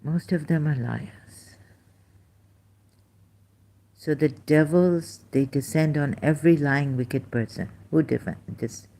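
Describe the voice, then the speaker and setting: A woman giving an informal critical commentary monologue, rambling and halting, with many restarts and rhetorical questions. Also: low-pitched, mellow. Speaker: online commentator.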